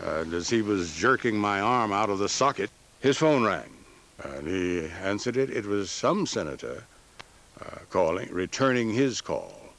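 A man recalling events in an interview, telling the story slowly and vividly. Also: fairly low pitch, big pitch swings, a bit bright.

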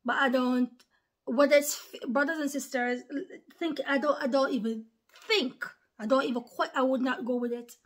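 A woman with a slightly high voice, preaching in an earnest, informal way to followers online. She repeats key phrases and calls her listeners brothers and sisters. Her delivery drops to near whispers, then rises to forceful lines. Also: steady tone, moderate pace.

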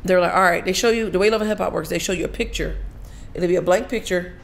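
A woman guest on a casual talk show, telling lively stories, swearing freely, laughing often and acting out other people's lines. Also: fairly low pitch, quick pace, vocal fry. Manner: laughs often while talking. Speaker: podcast guest. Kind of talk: casual storytelling interview.

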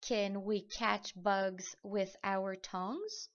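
A woman's voice: medium pitch, fairly even intonation, very slow, muffled recording. A woman reading as a kind storybook giraffe.

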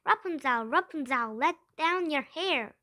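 Possessive storybook witch, high and bright, slow, raised delivery, read by a woman. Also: lively intonation, a little hiss or hum. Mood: calling.

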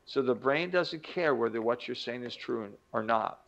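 A man's voice: medium pitch, normal speed, vocal fry, fairly bright tone, dull audio. An older man giving an emphatic motivational talk, acting out quoted voices as he teaches. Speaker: self-help teacher.

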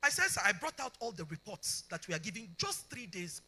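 A bright, forceful, middle-aged Nigerian woman tells a testimony to a conference crowd. Her pitch swings widely as she acts out every voice in her story, and she keeps checking that her listeners are following. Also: a little fast, husky. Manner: animated storytelling, often asks the congregation if they understand; acts out both sides of dialogues. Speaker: conference speaker. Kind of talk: testimony sermon.

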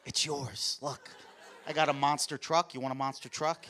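A man voicing a four-year-old boy who acts like a mob boss, with a low gravelly gangster drawl. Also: steady tone, normal speed, background noise, close to an everyday voice. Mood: magnanimous. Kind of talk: stand-up comedy impression.

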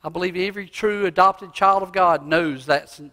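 Lively male pastor preaching, high bright voice, long church hall echo. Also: normal speed. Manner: animated, swinging from loud cries to hushed asides. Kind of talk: sermon. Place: church sanctuary.

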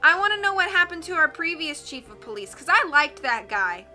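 Grumbling townsman read by a woman, loud, raised pitch, faint music. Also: big pitch swings, a little fast, heavily acted. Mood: complaining. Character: grumbling townsman in plaid pants.

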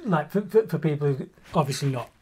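A man's voice: on the high side, lively intonation, fast, a little mellow, slight background noise. A man hosting a podcast, chatting casually and asking his guest probing questions. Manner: short backchannels, probing questions. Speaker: podcast host. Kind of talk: casual interview chat.

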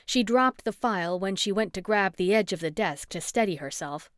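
A woman reading a first-person cozy mystery audiobook with steady, clear storytelling. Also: mid-range voice, moderate pace, no room sound, studio quality. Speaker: audiobook narrator.

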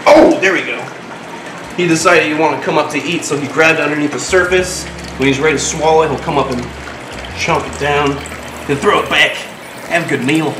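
A man hosting a casual animal vlog, talking excitedly and cooing to his pets as he feeds them. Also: a little high, brisk, reverberant, noisy background. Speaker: host of an animal channel.

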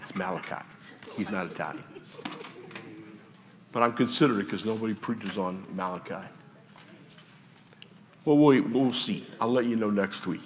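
A Midwestern American man preaches in a church, his voice sitting low and carrying a long reverb off the room. He jokes casually with the congregation between scripture readings. A faint room murmur hangs behind him. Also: moderate pace, long pauses, background noise. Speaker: pastor. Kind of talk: sermon. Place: church sanctuary. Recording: distant mic in a reverberant church with faint ambience.

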